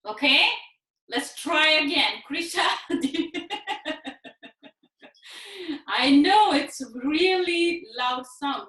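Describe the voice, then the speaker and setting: Bright, slow-spoken woman teaching kids' yoga. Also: high voice, far from the mic. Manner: patient, encouraging, slow and clear. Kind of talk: online class instruction for children. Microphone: video call. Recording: echoey room on a video call.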